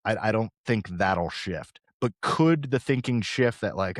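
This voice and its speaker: A man in his thirties hosting a podcast, talking casually and fast, with an animated, rambling delivery. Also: fairly low pitch, dry recording, clean studio sound. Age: 30s. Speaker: podcast host. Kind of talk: casual chat.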